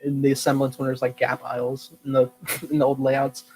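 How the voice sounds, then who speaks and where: A young man co-hosting a podcast, telling a story excitedly, with many fillers and laughs. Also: mid-range voice, normal speed, husky, rough recording. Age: young adult. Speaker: podcast co-host. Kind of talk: casual chat.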